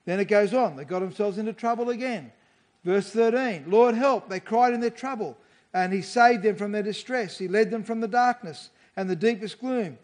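Male guest preacher, high voice, earnest conversational sermon with scripture readings. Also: normal speed, a little mellow.

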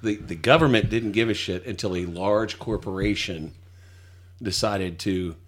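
A man's voice: fairly low pitch, unhurried. A man co-hosting a podcast, making dry, sarcastic remarks. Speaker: podcast co-host.

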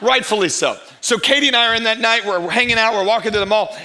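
High, bright-voiced pastor preaching. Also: male voice. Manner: animated, humorous, acts out dialogue, slows for emphasis. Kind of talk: sermon with storytelling.

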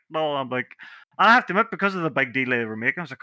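A man's voice: mid-range voice, animated, pushed and bright, dry recording, clean studio sound. A man chatting casually about video games as a podcast co-host, joking and laughing as he talks. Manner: jokey, laughs often, puts on quick voices.

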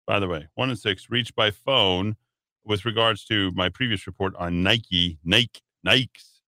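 A man's voice: lowish voice, measured pace, bright, forceful tone, no room sound. A man hosting a talk radio show in a studio, reading news headlines and wandering into rambling asides with lots of filler words. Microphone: studio microphone.

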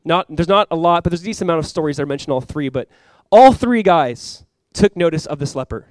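Young male pastor, high voice, casual and animated sermon delivery, dry close recording. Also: fast, no echo. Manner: animated, with sudden loud bursts and quiet asides; casual, conversational preaching with fillers and restarts. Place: church.

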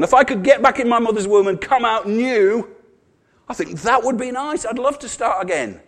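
A man's voice: very high-pitched, normal speed, vocal fry. A middle-aged man preaching a sermon, chatty and humorous, with wry asides.

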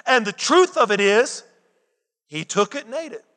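Guy preaching, ringing bright tone, keeps asking the crowd questions, big echoey hall. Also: extremely high pitch, very animated, moderate pace. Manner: emphatic, asks the listeners rhetorical questions. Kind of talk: sermon. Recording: long reverb of a large hall.

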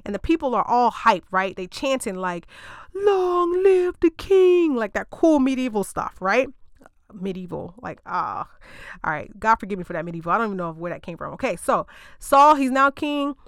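A woman's voice: medium pitch, lively intonation, brisk, fairly bright tone, smooth, no echo, clean studio sound. A woman podcast host retelling a Bible story in casual slang, with joking asides to her listeners.

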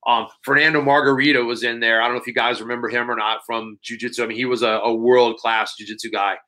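A man's voice: medium pitch, steady tone, fast, pushed and bright. A man, a podcast guest, telling stories in a casual, rambling way with many fillers. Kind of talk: casual storytelling.

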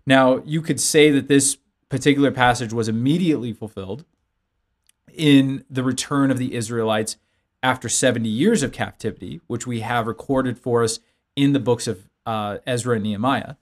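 Man, pastor, conversational Bible teaching, lively examples. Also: medium pitch, normal speed. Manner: lively storytelling with everyday examples.

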